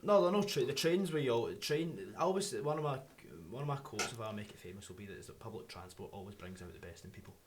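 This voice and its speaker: A young Scottish man co-hosting a radio chat show, telling animated anecdotes and laughing often. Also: medium pitch, quick pace, few pauses, background noise. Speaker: radio co-host. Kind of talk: casual chat.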